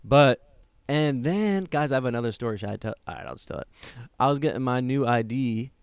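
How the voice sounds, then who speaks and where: A man's voice: mid-range voice, lively intonation, a little fast, vocal fry, clean tone, no echo. A man co-hosting a comedy podcast, rambling through jokey stories and slipping into silly voices. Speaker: podcast co-host. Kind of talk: casual comedic chat.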